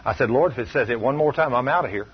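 A man preaching a sermon, telling personal stories in a stern, emphatic way, often dropping to a low, soft tone. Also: fast talker, muffled recording. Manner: stern, emphatic storytelling, shifting loud and soft.

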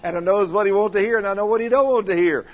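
Male pastor, husky, lively storyteller, lo-fi sound. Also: high-pitched, very fast. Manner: animated, acts out quoted voices, shouts in anecdotes. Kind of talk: folksy sermon with storytelling.

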